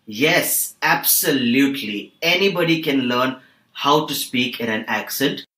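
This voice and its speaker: Calm male accent trainer, roomy sound. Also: medium pitch. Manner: calm, measured explainer. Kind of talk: explaining in a podcast interview.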